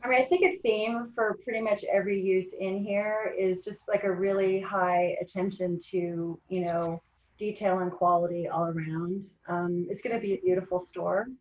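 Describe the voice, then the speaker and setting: A woman's voice: mid-range voice, fairly even intonation, normal speed. A woman on a video call in a meeting, talking in a thoughtful way with lots of fillers. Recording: dull, roomy video call audio.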